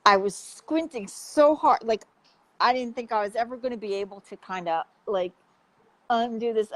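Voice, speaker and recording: A woman health coach telling an animated, chatty story in casual conversation, with the odd swear word. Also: on the high side, moderate pace, poor audio.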